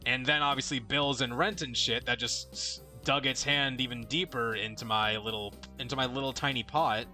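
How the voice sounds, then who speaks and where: A young man with a bright, forceful voice tells a work story in a loose, rambling way. He swears freely and restarts his sentences as he goes. Faint game music plays under him. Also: medium pitch, steady tone, moderate pace. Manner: rambling, profane, self-interrupting. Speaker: let's play co-host. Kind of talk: casual storytelling while gaming.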